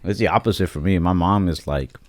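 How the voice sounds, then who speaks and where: A man with a deep voice hosting a podcast, telling rambling stories in casual chat and acting out other people's voices along the way. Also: a little fast. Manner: rambling storyteller, acts out voices in anecdotes. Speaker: podcast host.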